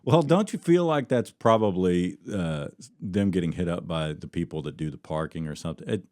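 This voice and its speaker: A man hosting a podcast with a low voice, talking loosely and laughing often. His sentences ramble and trail off. The sound is dry and close. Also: animated, moderate pace, darkish tone, no room sound. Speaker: podcast host. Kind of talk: casual chat.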